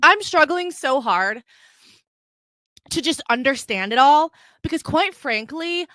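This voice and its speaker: Brash young woman host, fairly high and very bright voice, dry close sound, swearing freely. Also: expressive, takes it slowly, no room sound. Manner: brash, profane and unfiltered. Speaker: podcast host. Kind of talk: casual solo podcast rambling. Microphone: desk mic on a video stream.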